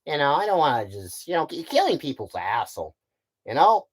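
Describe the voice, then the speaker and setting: A man talks offhandedly to his viewers on a stream, his pitch rising and falling in a lively way. He often trips over words, repeating them before he finishes a thought. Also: fairly quick, husky. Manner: rambling and offhand, with frequent fillers like "like" and "you know". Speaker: puppet series creator on a stream. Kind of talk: casual stream chat answering viewer questions.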